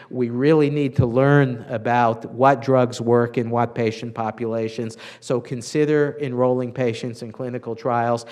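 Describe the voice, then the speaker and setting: A physician giving a conference lecture to clinicians, measured and earnest, with frequent filler sounds. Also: male voice, mid-range voice, a little mellow.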